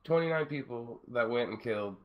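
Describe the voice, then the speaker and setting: A man's voice: medium pitch, brisk, lo-fi sound. A young man co-hosting a casual show, telling long rambling stories full of fillers. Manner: rambling, animated storytelling with many fillers. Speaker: show co-host. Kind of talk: casual podcast chat.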